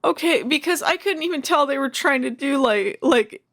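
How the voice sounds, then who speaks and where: A woman's voice: sits high, animated, normal speed, a bit bright. A woman guest on a casual podcast, often hesitating and trailing off, with frequent giggles.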